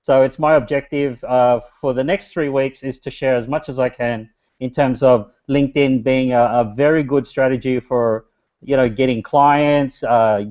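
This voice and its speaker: An Australian man with a mid-range, slightly mellow voice gives a loose, chatty webinar presentation as a guest speaker, a business strategist addressing an online chat. The webinar audio is dull and lo-fi.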